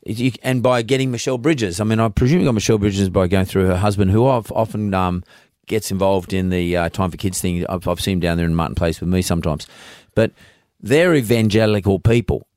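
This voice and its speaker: Australian man, deep voice, middle-aged podcast host, emphatic, folksy, dry close sound. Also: a little fast, few pauses, darkish tone, no echo. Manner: emphatic, folksy, repeats himself. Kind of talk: casual interview chat.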